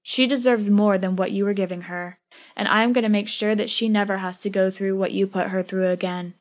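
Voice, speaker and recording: A woman's voice: mid-range voice, steady tone, fairly quick, lightly acted. A woman voicing a protective young woman who pleads earnestly with her best friend. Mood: defiant.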